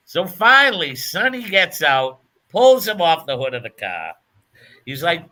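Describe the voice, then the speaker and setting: Male podcast host, high bright voice, unhurried laughing storyteller. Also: wildly swooping pitch. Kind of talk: casual chat.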